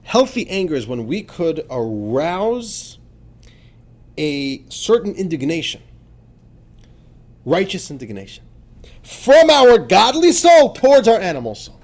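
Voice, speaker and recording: A man, a rabbi, teaching a religious text in an emphatic lesson, moving between quiet asides and fervent, urgent outbursts. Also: high-pitched, wildly swooping pitch, measured pace, long pauses.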